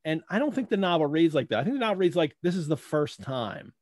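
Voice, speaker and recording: Animated male host on a dry video call. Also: fairly high pitch, fast, no echo. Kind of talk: live online book discussion.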